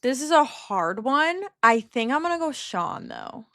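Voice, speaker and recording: A woman's voice: high-pitched, big pitch swings, measured pace, fairly bright tone, dry recording, studio quality. A young woman co-hosting a casual podcast, chatty and laughing, swearing freely as she tells stories. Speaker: podcast co-host. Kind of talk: casual chat.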